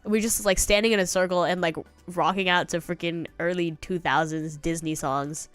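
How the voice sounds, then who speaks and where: A woman's voice: fairly low pitch, steady tone, normal speed, clear, resonant tone, no room sound, soft background music. A congested young woman streamer chatting casually and rambling, now and then singing bits of songs. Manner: rambling, sings snatches of songs. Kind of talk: casual chat.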